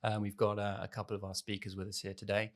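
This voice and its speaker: A man's voice: lowish voice, monotone, fast. Rambling man hosting a podcast. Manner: rambling, many filler sounds and restarts. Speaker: podcast host. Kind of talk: casual podcast chat. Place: recording studio on the island of Jersey.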